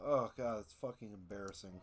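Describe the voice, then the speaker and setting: A man streaming live, reacting to a video, swearing and cracking up with loud laughter. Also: lowish voice, brisk.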